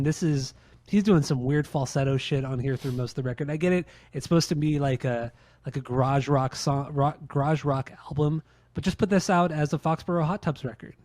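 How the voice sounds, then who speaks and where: A man's voice: mid-range voice, darkish tone, no echo. Blunt, swearing man co-hosting a podcast. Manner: blunt, profane, repeats himself when making a point. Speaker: podcast co-host. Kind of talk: casual podcast chat, ranking albums.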